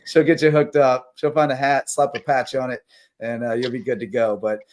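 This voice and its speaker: A man hosting a late-night live sports talk show, chatting casually and rambling through sponsor shout-outs while tired. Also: mid-range voice, level tone, fairly quick. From South Carolina Lowcountry.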